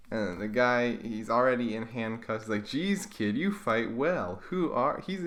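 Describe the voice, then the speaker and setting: Reading his own childhood comics aloud for a YouTube video, a man keeps up a wry, sarcastic running commentary played for laughs. His voice is medium-pitched and a bit bright.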